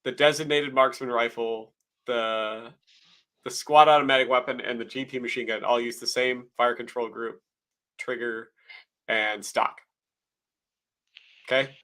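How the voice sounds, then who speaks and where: A man's voice: mid-range voice, fairly even intonation, measured pace, long pauses, bright, forceful tone. A man in casual chat, giving short reactions and opinions on firearms. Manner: brief reactions, opinionated gear talk.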